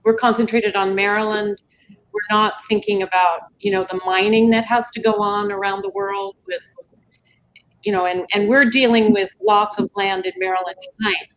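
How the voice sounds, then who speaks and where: A woman's voice: medium pitch, fairly even intonation, moderate pace, rough recording. A woman speaking as a panelist, talking in a conversational way with many fillers. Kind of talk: panel discussion.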